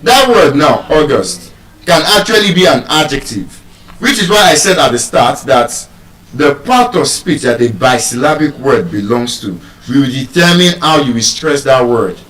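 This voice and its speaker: A man's voice: medium pitch, expressive, moderate pace, a bit bright, reverberant, recorded from a distance, rough recording. A Nigerian man teaching English word stress to a live audience, teasing them and asking questions.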